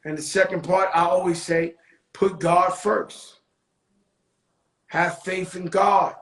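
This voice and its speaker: Man, talk show host, high voice, casual profane storytelling, echoey room. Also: a bit bright. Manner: loose, profane, street-talk delivery; slows into motivational preaching.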